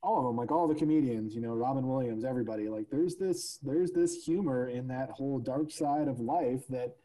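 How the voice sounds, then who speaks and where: A man's voice: medium pitch, fairly quick, warm tone, poor audio. A man chatting casually as host, with a loose, profane way of talking and lots of fillers. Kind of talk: casual chat.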